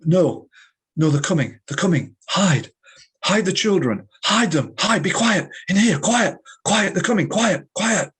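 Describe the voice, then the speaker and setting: A man acting out a panicked young man reliving a raid, frantic, half whispering and half shouting. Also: high voice, lively intonation, a little slow, breathy edge, voice pushed up, exaggerated voice. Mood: hushed panic.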